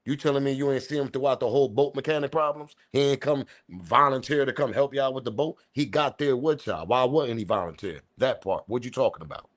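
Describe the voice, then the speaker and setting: A man's voice: mid-range voice, fairly quick, hardly any pauses. A man hosting a live-stream commentary show, talking in incredulous, argumentative street slang. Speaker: commentary channel host.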